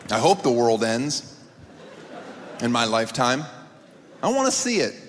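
Sarcastic stand-up comedian on a theater stage. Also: male voice, sing-song, measured pace. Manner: sarcastic, incredulous, with sudden pitch jumps into mock voices. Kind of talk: stand-up set. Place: large theater stage before a live audience. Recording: long theater reverb, audience noise.

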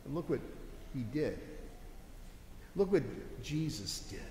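A man's voice: mid-range voice, very animated, slow, warm tone, slight background noise. Male pastor preaching in an echoey church. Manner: conversational, emphatic preaching with rhetorical questions. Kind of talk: sermon. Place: church sanctuary. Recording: echoey church with long reverb.

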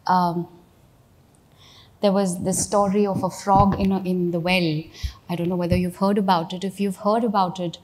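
In a lowish, darkish voice, a middle-aged Indian woman delivers a keynote as a CEO. She speaks in a conversational, storytelling way, sprinkling in "you know" and "right?"

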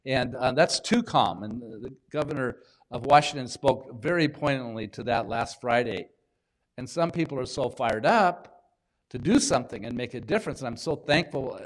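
A man delivering a sermon as the pastor of his church, in a middle-range voice. He talks to the congregation plainly and personally, pausing and restarting as he thinks. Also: mid-range voice. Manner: conversational preaching with pauses and restarts. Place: church in Washington State.

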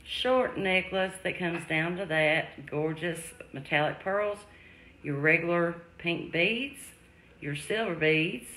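A woman hosts a live-stream jewelry sale in a low, unhurried voice. She chats with viewers by name and calls them love, sweetie and darling. The room is echoey, with a faint hum behind her. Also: sharp tone. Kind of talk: live-stream selling chat.

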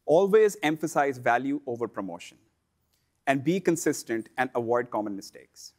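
A man presenting a scripted instructional lesson for online sellers, in a measured, explanatory delivery. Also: mid-range voice, expressive.

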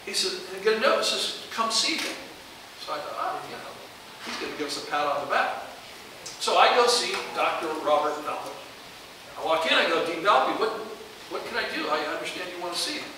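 Older male alum, animated storyteller, higher voice, hissy distant recording in a roomy hall. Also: a little fast. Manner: animated anecdote-telling, acting out quoted dialogue. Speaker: alumnus speaker. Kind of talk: storytelling speech. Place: large room at a reunion event. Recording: echoey hall, distant mic, hiss.

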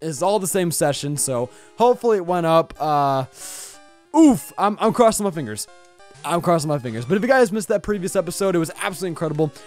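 A young man hosts a let's play from his home setup, speaking into a boom-arm microphone. His voice sits a little high and bounces widely up and down. He rambles in an energetic, playful way, with faint music underneath. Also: fast talker. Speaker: YouTube gaming host.

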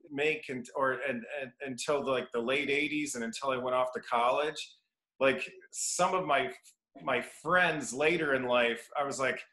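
A man's voice: fairly high pitch, pushed and bright. A man in his fifties from Iowa, a guest educator telling casual stories, restarting sentences and acting out what people said. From Iowa, United States. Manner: rambling anecdotes, restarts sentences, acts out quoted voices. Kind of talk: casual storytelling interview. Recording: roomy echo.

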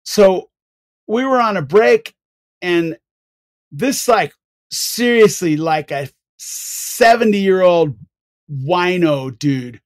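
An older man, a guest on a podcast, telling rambling, animated stories with many restarts. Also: high voice, very slow, dry recording. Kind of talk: casual interview storytelling.

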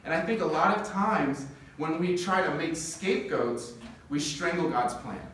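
A young man preaching a sermon, telling a parable with quick laughs and building to impassioned lists. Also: fairly high pitch, a bit bright. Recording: echoey room, distant mic.

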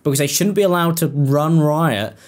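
A man hosting reaction commentary, ranting sarcastically and leaping into high, exasperated outbursts. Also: moderate pace. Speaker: commentary host.

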